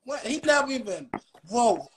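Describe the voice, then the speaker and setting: A man's voice: very high-pitched, very animated, moderate pace. A young man from Chicago with a Chicago accent, ranting and taunting in casual livestream talk full of street slang. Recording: faint background noise.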